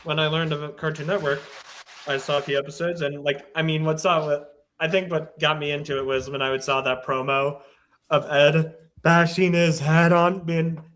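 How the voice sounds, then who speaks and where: A man's voice: a little high, fairly even intonation, normal speed, a bit bright. A man chatting casually as a guest on a podcast, rambling and searching aloud for names. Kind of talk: casual chat.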